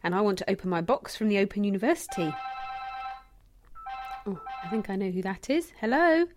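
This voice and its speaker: An actress playing a busy young mother who talks briskly. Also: medium pitch, sing-song, close to an everyday voice. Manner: brisk, hurried.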